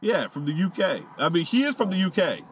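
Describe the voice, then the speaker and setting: A man's voice: high voice, fairly quick, a little hiss or hum. A man chatting casually on a podcast, swearing freely and often laughing. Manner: animated, profane, laughs often. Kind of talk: casual chat.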